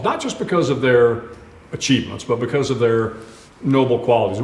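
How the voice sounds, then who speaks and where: Earnest older man telling a story in a roomy hall. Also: medium pitch. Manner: earnest, anecdotal, with many restarts and fillers. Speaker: retired admiral and author, guest. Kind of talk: storytelling in a live onstage conversation. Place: live event stage.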